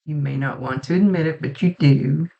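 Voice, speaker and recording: A woman working as a psychic medium who gives a spoken reading, relaying messages in a halting, conversational way and often restarting her sentences. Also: sits low, gravelly, mellow, muffled recording.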